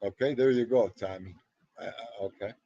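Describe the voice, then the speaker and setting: A man's voice: lowish voice, moderate pace, breathy edge, no room sound, highs cut off. A middle-aged man with a North Jersey accent, rambling in casual livestream chat and greeting viewers by name. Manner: rambling, animated, Italian-American slang. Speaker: livestream host reading chat.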